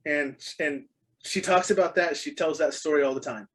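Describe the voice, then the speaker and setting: A man's voice: on the high side, normal speed, a crowd in the background, poor audio. A middle-aged man as a podcast guest, speaking in casual interview chat, an earnest storyteller full of ums and restarts.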